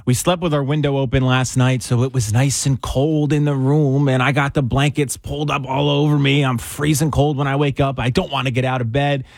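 A man's voice: medium pitch, no echo. A young man chats on a radio show and tells a story, acting out his own half-asleep reactions. His voice sits in a middle range, recorded close and dry in a studio. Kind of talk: casual storytelling chat.

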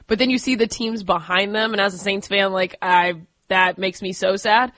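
A woman's voice: mid-range voice, steady tone, moderate pace, fairly bright tone, no echo. A woman co-hosting a sports radio show, chatting in an emphatic, exclaiming way. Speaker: radio co-host. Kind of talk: casual sports talk.

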